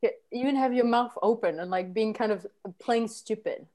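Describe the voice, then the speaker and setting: A woman's voice: a little high, normal speed, mellow. A woman teaching an improv class, giving playful instructions to her students.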